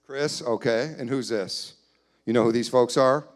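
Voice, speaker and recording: A man doing comedy crowd work in a church hall, teasing audience members in quick banter. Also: medium pitch. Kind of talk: live stand-up crowd work.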